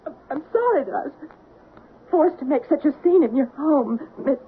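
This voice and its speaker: A woman's voice: high voice, animated, moderate pace, slight background noise. An actress playing an upset widow defending her late husband in a 1970s radio drama. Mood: distraught. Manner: upset, insistent, apologetic. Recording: narrow, phone-like old radio broadcast.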